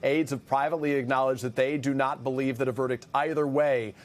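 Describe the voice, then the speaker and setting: Measured male news correspondent. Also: medium pitch, fairly even intonation. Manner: measured, slows to quote statements. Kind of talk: broadcast news report.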